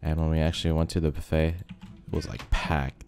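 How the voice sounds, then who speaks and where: A young man giving relaxed, rambling commentary over a game, his voice a bit rough from being sick. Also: a bass voice, normal speed. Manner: rambling, filler-heavy, laid-back. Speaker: gaming video host. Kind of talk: casual commentary over gameplay. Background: faint background music.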